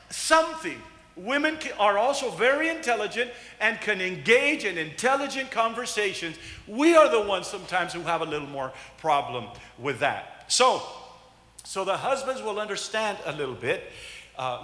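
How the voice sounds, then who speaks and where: A man's voice: sits high, pushed and bright. A middle-aged male pastor preaching a sermon, joking with the congregation and acting out the voices he quotes. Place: church sanctuary. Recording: echoey church hall.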